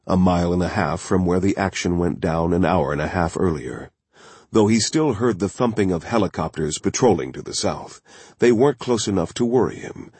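A man narrating a thriller audiobook in a steady, measured storytelling voice, recorded close on a studio mic. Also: low voice, husky, dry recording.

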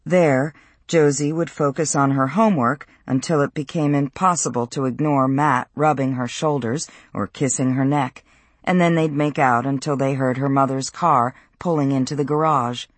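Measured audiobook narrator, dry sound. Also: male voice, mid-range voice, steady tone, no echo.

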